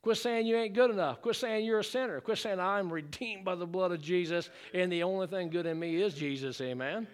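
A male pastor preaching a fervent sermon to his church. He calls for congregational responses and rises into shouted exclamations. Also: high-pitched, brisk, few pauses. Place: church sanctuary.

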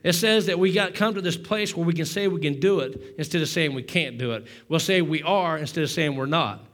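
A middle-aged male pastor delivering a sermon, exhorting the congregation in a repetitive preaching cadence that builds to loud fervor. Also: fairly high pitch, a little fast. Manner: self-deprecating asides to the congregation.

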